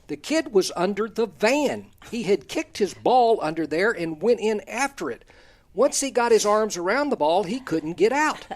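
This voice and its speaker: Folksy high-voiced older man telling stories. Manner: folksy storyteller, dry humor, chuckles at own lines. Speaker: talk show host. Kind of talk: reading a personal column aloud, then casual chat.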